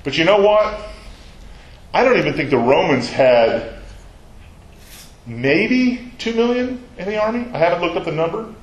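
A man's voice: high voice, expressive, normal speed, long pauses. A man teaching a Bible class in a conversational way, often putting questions to his audience. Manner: asks the audience questions, chatty asides. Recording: roomy echoing hall.

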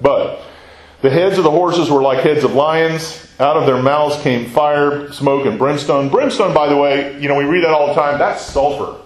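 A man teaching a Bible class in a conversational way, often putting questions to his audience. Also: medium pitch. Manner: asks the audience questions, chatty asides. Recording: roomy echoing hall.

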